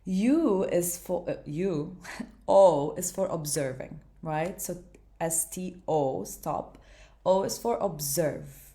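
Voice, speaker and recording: A woman teaching mindfulness in a casual monologue, gentle and chatty, often pausing on "okay" and "right". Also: on the low side.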